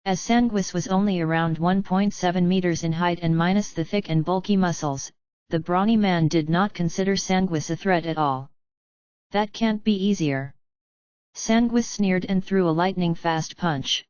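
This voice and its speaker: A woman narrating an audiobook in a steady, even reading style. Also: on the low side, moderate pace, smooth, no echo, lo-fi sound. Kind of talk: scripted narration.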